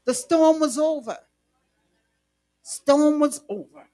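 Woman preaching, real high voice, takes her time, gets shouty. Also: takes it slowly. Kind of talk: sermon.

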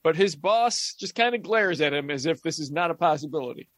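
A man's voice: fairly high pitch, expressive, a little fast, a bit bright, dry recording. A man co-hosting a podcast, recapping a movie plot with wry, joking commentary. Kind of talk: casual comedic movie commentary.

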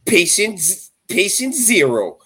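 A man doing an impression of a lecherous older cartoon man, in short, high squealing exclamations. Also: very animated, takes it slowly, fairly bright tone, husky, full character voice. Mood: leering glee.

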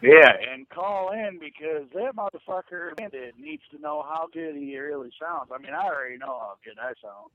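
A man's voice: fairly high pitch, moderate pace, few pauses, phone-quality sound, a little hiss or hum. A man co-hosting a radio chat, crude, brash and teasing. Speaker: co-host.

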